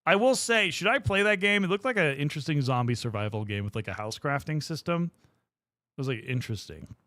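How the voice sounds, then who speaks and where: Lively, bright-voiced young man streaming. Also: fairly high pitch, a little fast, no room sound, studio quality. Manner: rambling, swears freely, chats to viewers. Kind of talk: casual livestream chat while painting miniatures.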